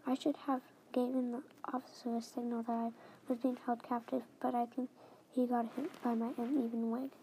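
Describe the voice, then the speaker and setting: A young female reader reading her own story aloud in the first person, halting and restarting phrases as she reads. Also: fairly high pitch, level tone, warm tone, rough recording. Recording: faint background noise.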